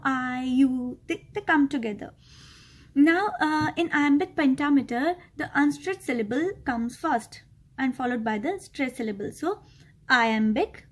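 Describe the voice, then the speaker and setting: A woman's voice: sits high, darkish tone. A young woman teaching an exam-prep literature lesson, explaining step by step with many ums and uhs and checking in with "right?".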